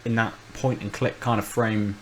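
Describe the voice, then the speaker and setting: Podcast co-host: man, lowish voice, halting and rambling, always restarting his sentences. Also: flat delivery, crowd noise, low-quality recording. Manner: rambling, thinks aloud with many restarts. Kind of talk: casual chat.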